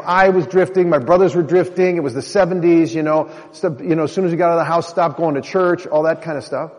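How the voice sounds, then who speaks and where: A man's voice: a little high, fast, few pauses, a little mellow. A man from Minnesota giving an earnest personal testimony to an audience, talking to the crowd directly. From Minnesota, USA. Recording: long hall reverb.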